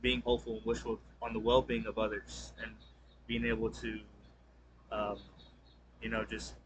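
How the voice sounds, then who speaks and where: Young man, student presentation, flat monotone delivery, fillers and restarts, background noise audible. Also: medium pitch. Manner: rambling, many fillers and restarts; talks fast, by his own account. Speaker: student presenting a class assignment. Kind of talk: casual spoken summary.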